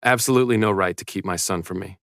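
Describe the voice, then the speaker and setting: A man's voice: low-pitched, fast talker, creaky, fairly bright tone, dry recording, clean studio sound. A man doing a drunk, pushy father. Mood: insistent. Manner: slurred, pleading, insistent. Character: drunk, manipulative father, middle-aged man.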